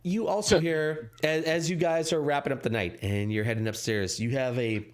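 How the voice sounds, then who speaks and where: A man's voice: medium pitch, normal speed. A young man as dungeon master, narrating a tabletop game in a rambling way with many restarts.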